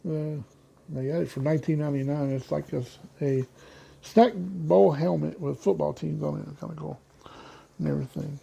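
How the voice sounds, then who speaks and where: Gravelly man rambling on his podcast. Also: fairly high pitch, fairly even intonation, moderate pace, warm tone. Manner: rambling, loses his train of thought. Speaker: podcast host. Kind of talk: casual solo podcast talk.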